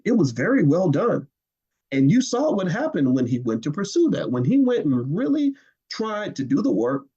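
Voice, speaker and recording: Animated man, impassioned and emphatic. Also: high voice, slightly rough, muffled recording. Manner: animated, emphatic, repeats words. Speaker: commentator. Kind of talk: impassioned commentary.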